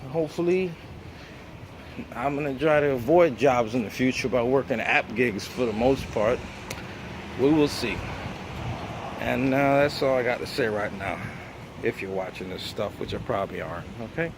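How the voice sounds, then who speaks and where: A man's voice: mid-range voice, moderate pace, pauses often, noisy background. An American man, raised speaking Jamaican patois, in a rambling, profane vlog monologue full of fillers. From United States.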